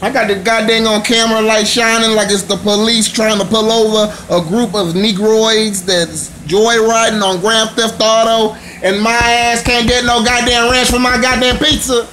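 A man's voice: high voice, level tone, moderate pace, hardly any pauses, sharp tone, a little hiss or hum, poor audio. A young man doing an exaggerated, profane comic rant to camera from his bed. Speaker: comedy vlogger. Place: bedroom.

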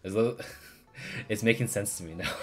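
A male streamer giving casual, profane commentary on a game, laughing and thinking out loud. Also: on the low side. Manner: casual, swears freely, laughs often.

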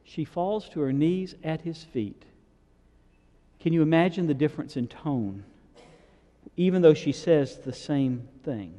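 A man's voice: on the high side, unhurried, pauses often, warm tone, big-room sound. A man preaching a sermon, retelling scripture in a conversational way and asking the congregation questions. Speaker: pastor. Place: church sanctuary.

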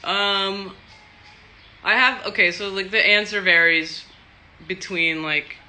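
A woman's voice: on the low side, level tone, slow, pauses often, bright, forceful tone, slight background noise. A woman from Texas, an actor, answering fan questions in a loose, chatty live stream, swearing freely and laughing often. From Texas, USA.

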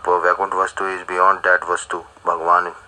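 A man giving a spiritual discourse, pausing often with restarts and fillers. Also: deep voice, completely flat delivery, pushed and bright, slight background noise, low-quality recording. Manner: halting, many restarts and fillers. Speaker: spiritual teacher. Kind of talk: religious discourse translation.

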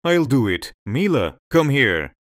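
Man playing a calm, firm male doctor, storybook read, dry. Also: mid-range voice, a little slow, dry recording. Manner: calm, reassuring.

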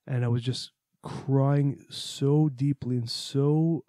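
A man's voice: mid-range voice, fairly even intonation, slow pace, dark tone, dry recording, studio quality. A man hosting a podcast, recounting a personal experience in an earnest, reflective way, with the odd curse. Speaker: podcast host. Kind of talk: personal storytelling monologue.

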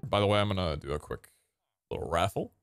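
A man giving casual gameplay commentary, excitable and swearing, with sudden loud outbursts and a voice that cracks. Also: low-pitched, quick pace, loud music behind the voice. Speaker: gaming streamer.

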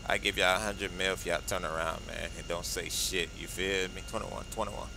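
A man doing a comedic impression of a rapper, an adult man talking in a slow, sly mumble. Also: deep voice, fairly even intonation, vocal fry, background noise, pitched below the performer's own voice. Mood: bargaining. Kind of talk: comedy skit voice acting.

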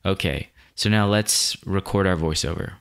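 A man with a deep, low voice walks through a video editing tutorial. He explains each step in a relaxed, plain way, like a screen-recorded lesson. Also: normal speed, clean tone.

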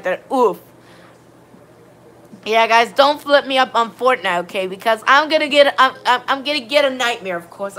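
A woman's voice: a little high, sharp tone, slight background noise. A woman live-streaming a game, chatting to her viewers in a rambling way and greeting them by name. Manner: rambling, repeats "all right, then" and "of course". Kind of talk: casual live-stream chat while gaming.

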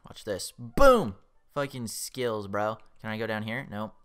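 A man's voice: fairly low pitch, moderate pace, smooth. A young man commentating his own gameplay, swearing a lot and yelping when the game startles him. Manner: excitable, swears often, yelps when startled. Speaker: let's play host.

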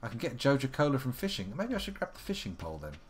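A man's voice: mid-range voice, huge pitch swings, fast talker, a little hiss or hum. A man giving casual, wry live gameplay commentary, chatting to himself as he plays. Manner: chatty, wry, talks to himself while playing. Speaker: game streamer.

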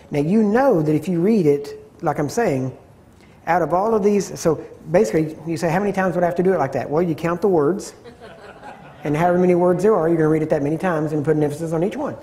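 A man teaching a Bible study session in a conversational way, often repeating phrases for emphasis and clearing his throat. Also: fairly high pitch, dark tone.

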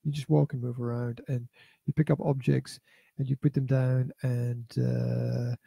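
A man's voice: mid-range voice, flat delivery, a little slow, vocal fry, mellow, husky, no echo. A middle-aged father chatting casually as a podcast co-host, rambling and repeating his words with hesitant fillers. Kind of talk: casual chat reviewing a VR game.

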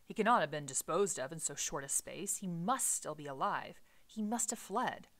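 A woman's voice: lowish voice, lively intonation, normal speed, a bit bright. A woman reading as a solemn cautious lawyer. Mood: grave, urgent. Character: solemn middle-aged male lawyer, cautious.

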